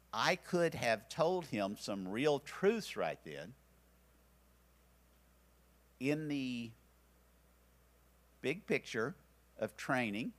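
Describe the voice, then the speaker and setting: An older man teaching parents, telling a story about his grandsons and acting out his own soothing words. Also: mid-range voice. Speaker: church teacher. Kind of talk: teaching talk with personal story.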